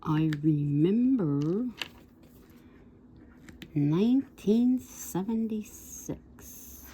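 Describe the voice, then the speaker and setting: A woman's voice: mid-range voice, expressive, very slow, mellow, a little hiss or hum. A woman in her sixties rambling through an old story for her vlog, with digressions and asides to viewers. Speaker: vlogger. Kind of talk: casual storytelling.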